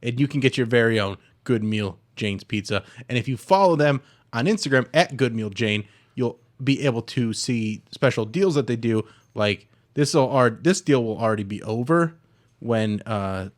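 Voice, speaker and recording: A young man hosting a casual comedy podcast, telling a story with lively voiced-out dialogue. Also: medium pitch. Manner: animated storyteller acting out both sides of a dialogue. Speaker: podcast host.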